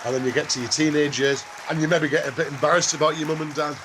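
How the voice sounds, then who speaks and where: A man's voice: a little high, steady tone, fast, background noise. A middle-aged man speaking heartfelt in an interview, searching for words. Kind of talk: emotional interview.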